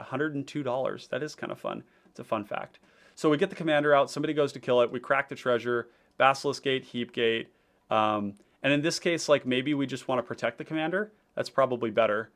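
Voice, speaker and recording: A man's voice: mid-range voice, fairly bright tone. A man hosting a casual livestream about building a card game deck, talking loosely with many fillers and restarts as he reads viewer comments aloud.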